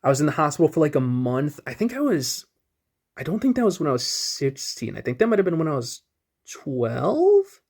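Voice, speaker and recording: A man's voice: on the high side, huge pitch swings, normal speed, darkish tone. A man in his twenties talking through his old gaming videos in a loose, rambling, self-mocking way, chuckling at himself. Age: 20s. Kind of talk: casual gaming commentary.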